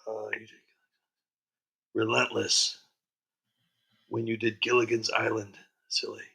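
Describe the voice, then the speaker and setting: A man chats casually on his livestream, greeting viewers and reading their comments. He talks in a rambling way. His voice is strikingly bright, with a gravelly edge. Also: lowish voice, completely flat delivery, slow pace. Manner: rambling, frequent ums and restarts. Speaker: livestream host.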